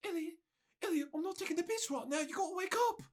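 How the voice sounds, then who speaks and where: A man voicing a jittery young male college roommate with a put-on Cockney accent, talking in an urgent hushed voice. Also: very high voice, fast talker, voice pushed up.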